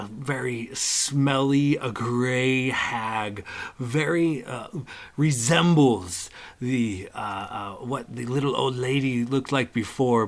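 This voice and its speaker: A man runs a tabletop game as game master, describing the fight in a slow, unhurried way. He halts often and fills the gaps with fillers. His voice sits at a middle pitch. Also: fairly bright tone. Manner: halting, many fillers.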